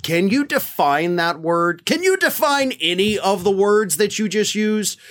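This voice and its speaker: A man's voice: sits high, lively intonation, unhurried, fairly bright tone. A man hosting a political commentary show, talking in a sarcastic, indignant and mocking way.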